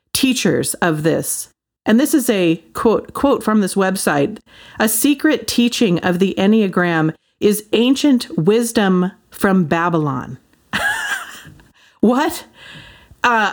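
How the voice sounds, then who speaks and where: A woman talking straight to viewers in a casual monologue, telling a story in a chatty, animated way as a Christian commentator. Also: mid-range voice. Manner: animated, chatty storytelling with quoted voices and laughs.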